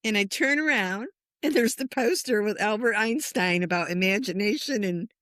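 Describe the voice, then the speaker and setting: A middle-aged woman, a spiritual medium, telling a personal story in conversation with lots of lively swings and chuckles. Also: medium pitch, moderate pace, dry recording, clean studio sound. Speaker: spiritual medium and meditation teacher.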